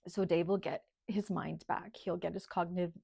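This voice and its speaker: A middle-aged woman, a channel host in casual livestream chat, talking in a heartfelt, halting way with many ums while holding back tears. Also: lowish voice, steady tone, creaky, a little mellow, slightly rough, no room sound, clean studio sound. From Canada.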